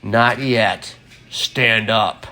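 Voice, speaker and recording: Man doing a slow growling grizzly bear. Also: steady tone, sharp tone, full character voice. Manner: slow, low, growling delivery. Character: huge menacing male grizzly bear, gruff.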